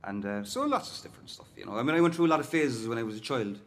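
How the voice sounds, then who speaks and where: A man's voice: medium pitch, animated, racing. A middle-aged man with a Cork Irish accent, a singer-songwriter guest rambling chattily in an interview. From Cork, Ireland. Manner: rambling and chatty, full of "like" and "you know". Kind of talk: casual interview chat.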